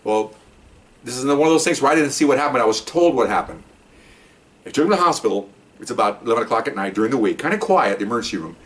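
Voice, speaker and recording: Older man, ex-cop spinning a yarn, rapid, animated, mid-pitched voice. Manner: animated, acts out quoted voices. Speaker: retired police officer. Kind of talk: casual anecdote telling.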